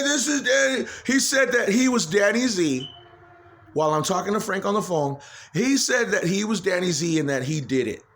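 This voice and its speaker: A man's voice: high-pitched, fairly bright tone. A man talking straight into a phone camera in a rambling personal monologue, agitated, swearing freely and repeating himself. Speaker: vlogger.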